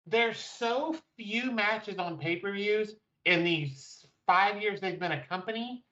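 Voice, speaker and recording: Emphatic co-host, middling pitch, dull lo-fi audio. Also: takes it slowly, bright, forceful tone, recorded from a distance. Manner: emphatic, opinionated, firm. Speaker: podcast co-host. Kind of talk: casual wrestling chat.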